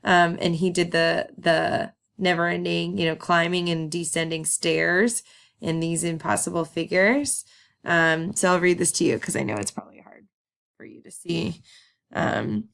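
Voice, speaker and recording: Woman teacher talking thru a recorded lesson, bit of vocal fry, chatty and upbeat, lots of ums. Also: on the low side, measured pace, a bit bright. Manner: chatty, upbeat, laughs and says um often.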